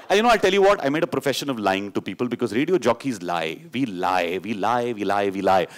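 A middle-aged Indian man tells a personal story to a live audience, his English carrying an Indian accent. His delivery swings from animated radio-jockey playfulness to a low, serious hush. His voice sits at an ordinary middle pitch for a man. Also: a little fast. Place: stage before an audience.

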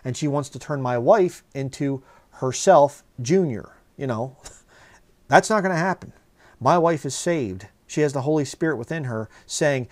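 A man's voice: medium pitch, moderate pace. A man preaching a sermon, telling a rambling personal story full of fillers and rising into heated outbursts.

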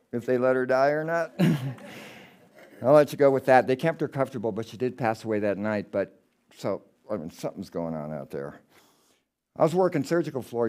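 A middle-aged man giving a casual, rambling talk of ghost stories, going off on tangents and swinging between excited outbursts and hushed tellings. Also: mid-range voice.

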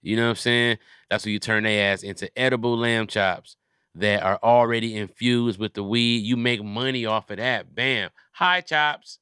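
A man's voice: on the low side, steady tone, normal speed, bright, forceful tone, clean tone, no echo, studio quality. A man hosting a comedy podcast, riffing in casual profane chat and acting out little scenes.

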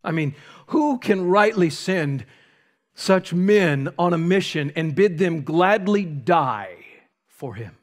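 A man preaching a sermon as pastor, speaking emphatically with dramatic pauses and rising intensity. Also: a little high, animated. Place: church sanctuary.

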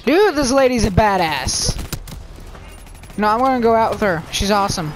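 Excitable rambling gamer. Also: male voice, high voice, normal speed, a little hiss or hum. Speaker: gaming channel host. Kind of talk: let's play commentary.

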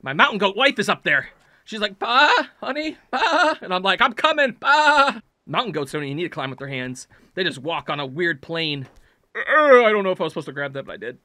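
A man doing let's play commentary, yelling at his character and swinging from muttered self-talk to loud shouts. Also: on the high side, animated, quick pace, no room sound. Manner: jokey self-talk while playing. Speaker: gaming channel host.

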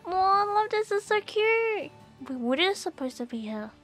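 A young woman chats to her stream while she plays, her voice sitting very high and sounding bright and forceful. She is excitable and gasps and squeals often, with faint game music behind her. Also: moderate pace. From Australia. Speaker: VTuber streamer. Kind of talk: gameplay live stream chat.

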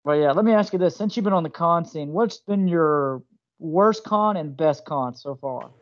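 A man with a somewhat high voice hosts a relaxed interview and tells jokey stories with animated energy. He speaks into a cell phone, so the call sounds dull and lo-fi. His delivery stays casual and playful throughout. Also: normal speed. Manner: joking, animated storyteller. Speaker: host.

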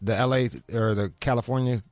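A man hosting a show, talking in a casual, profane way that rises into loud outrage. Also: medium pitch, a little fast, no echo. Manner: animated, swearing, rising into loud outrage. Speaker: show host.

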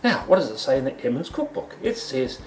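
A man's voice: mid-range voice, very animated, a little fast, darkish tone, roomy sound, faint music behind. A man with a New Zealand accent hosting a goofy comedic cooking show from his home kitchen, full of playful sing-song exclamations.

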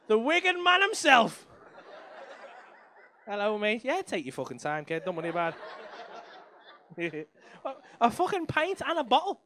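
A young man works the crowd at a comedy club, swearing freely and teasing people in the front rows. His voice sits high and sounds bright and sharp. His pitch swings widely from line to line. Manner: sweary, teasing banter with the audience. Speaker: stand-up comedian. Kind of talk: crowd work stand-up.

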